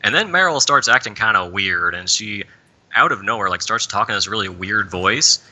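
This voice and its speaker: A man's voice: on the low side, expressive, a little fast, bright, forceful tone, highs cut off. A man on a podcast telling a long, rambling story in casual chat, peppering his speech with "like.". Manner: rambling storyteller, leans heavily on "like". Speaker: podcast panelist.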